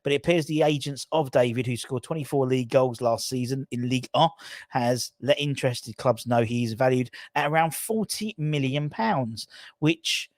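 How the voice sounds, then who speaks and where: A man's voice: mid-range voice, moderate pace, no echo. Chatty man, dry sound. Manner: chatty, rambling, jokey asides. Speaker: fan channel host. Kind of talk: casual solo transfer-news chat.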